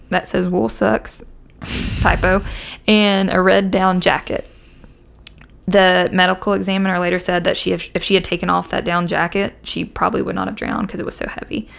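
A woman's voice: fairly low pitch, flat delivery, moderate pace, gravelly, a bit bright. A woman co-hosting a casual true crime podcast, reading out case details and breaking off into sarcastic jokes. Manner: reads case notes then jokes and riffs sarcastically. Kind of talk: casual conversational storytelling.

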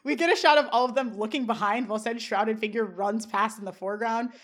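A woman's voice: on the high side, fast. A woman co-hosting a podcast, recapping a sitcom episode scene by scene and laughing often. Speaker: podcast co-host. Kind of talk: casual recap chat.

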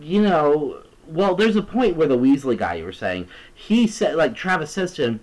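A man's voice: on the high side, very animated, moderate pace, few pauses, darkish tone, poor audio. A man co-hosting a casual podcast chat, retelling a TV episode in an easygoing way with short agreeing replies. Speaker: podcast co-host.

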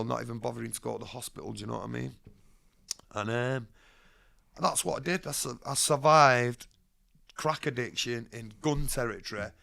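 Male guest, rough gravelly tone, frank street talk with swearing. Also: mid-range voice, fairly bright tone. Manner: blunt, streetwise, swearing freely. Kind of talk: candid storytelling interview.

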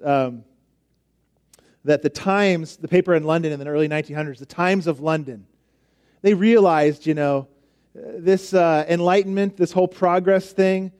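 A man's voice: on the high side, a little mellow. A man preaching a conversational sermon, emphatic at times and dropping almost to a whisper at others. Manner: conversational, emphatic, with frequent restarts and drops to near whisper.

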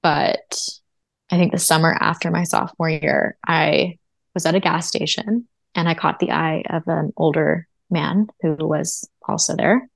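Interview guest: woman with a lowish, gravelly voice, earnest and reflective, dry close sound. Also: steady tone, a little slow, dry recording. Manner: earnest and reflective, with frequent fillers. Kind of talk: personal testimony in a podcast interview.

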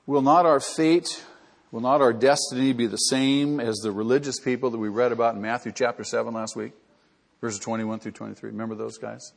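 A man's voice: mid-range voice, steady tone, a little fast, creaky, in a large hall. A man preaching a sermon as pastor, earnest and rising to emphatic peaks.

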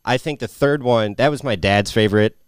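A man's voice: mid-range voice, brisk, smooth, dry recording, studio quality. A young man co-hosting a casual movie review chat, laid-back and rambling, often restarting his thoughts. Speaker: podcast co-host.

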